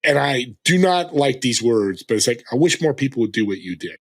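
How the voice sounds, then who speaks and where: A man's voice: medium pitch, big pitch swings, fairly quick. A man in his sixties, a guest on a podcast, speaking in an earnest, motivational way and urging listeners to act. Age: 60s. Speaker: guest, fellow show host. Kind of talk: casual interview chat.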